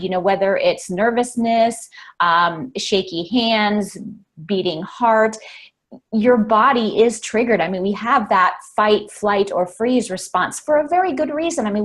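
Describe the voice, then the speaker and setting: Calm, explaining woman coach. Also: mid-range voice. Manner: measured explainer with frequent fillers. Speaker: guest coach. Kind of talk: casual interview explanation.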